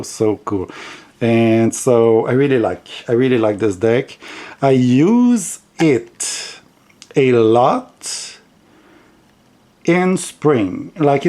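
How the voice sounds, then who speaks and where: French-accented male vlogger, mid-pitched, slow and halting, casual chat. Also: a little mellow. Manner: unhurried, hesitant, many restarts and fillers. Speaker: tarot vlogger. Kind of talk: casual monthly wrap-up chat.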